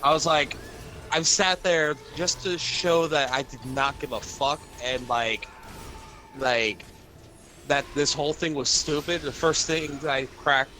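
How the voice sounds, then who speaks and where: A young man ranting casually on a livestream, his talk full of curses and fillers. His tone is bright and forward, with a faint hiss behind him. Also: medium pitch. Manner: profane, rambling venting with lots of fillers. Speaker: streamer.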